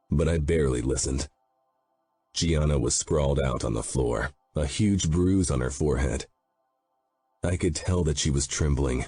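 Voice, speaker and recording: Man reading an audiobook in first person, super deep dark voice, grim and intense, faint music underneath. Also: breathy edge. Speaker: audiobook narrator.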